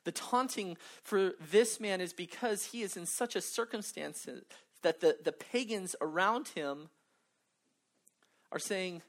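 A woman's voice: medium pitch, a little slow. A woman preaching a sermon, earnest and emphatic, with humorous asides.

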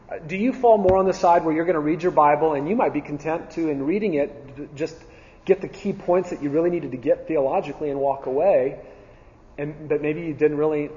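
Teaching a Bible class, this man speaks earnestly and repeats himself, with ums and restarted phrases, his raised voice a little high and mellow. A long hall reverb surrounds him, and the audio is somewhat dull and muffled.

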